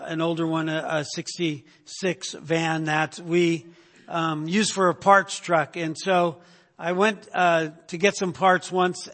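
A man's voice: fairly high pitch, fairly bright tone. A man preaching a sermon as pastor, telling a story casually with restarts and frequent "right?" asides. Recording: hall reverb.

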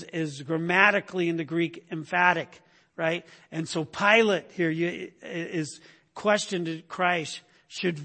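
High-voiced preacher who keeps asking "right?". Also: male voice, a bit bright. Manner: acts out quoted speakers in raised voice. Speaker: pastor. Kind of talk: sermon.

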